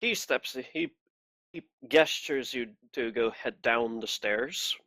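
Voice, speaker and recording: A man running a tabletop role-playing game as game master, narrating in a calm, measured way. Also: medium pitch.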